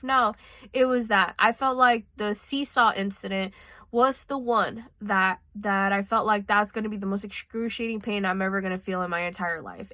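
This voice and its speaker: A woman vlogging into her phone, her voice bright and a bit sharp in a close, dry room. She rambles through her story with fillers and swearing, and she is teary. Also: a little high, no room sound. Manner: rambling, tearful at times, swears freely. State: tearing up. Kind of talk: casual storytelling vlog.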